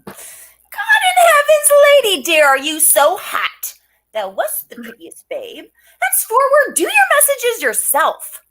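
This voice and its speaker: A woman's voice: high-pitched, very animated, unhurried, bright, forceful tone, full character voice. A woman playing a garrulous old nurse in a Shakespearean stage drama, rambling and theatrical. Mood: teasing. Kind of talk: Shakespearean stage acting over video call.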